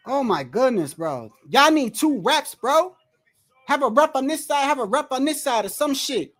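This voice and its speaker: Man, high-pitched streamer voice, profane fight reactions, frustrated and animated. Says "bro" a lot. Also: normal speed. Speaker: livestream host watching a boxing match. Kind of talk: excited live reaction commentary.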